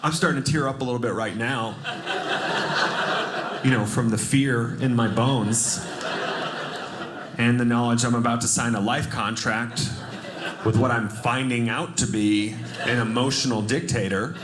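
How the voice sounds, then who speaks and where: Man doing animated stand-up in a roomy club. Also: measured pace, long pauses. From Cleveland, Ohio. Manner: animated storytelling, breaks into shrill high-pitched character voices. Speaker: stand-up comedian. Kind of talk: stand-up comedy set. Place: comedy club stage before a laughing audience. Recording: roomy stage sound with audience noise.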